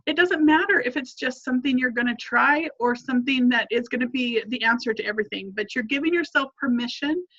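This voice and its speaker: Woman coach, high bright voice, earnest, encouraging, repeats points, dull lo-fi audio. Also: a little fast, hardly any pauses. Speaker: family coach and mentor. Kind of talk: coaching lesson to a group.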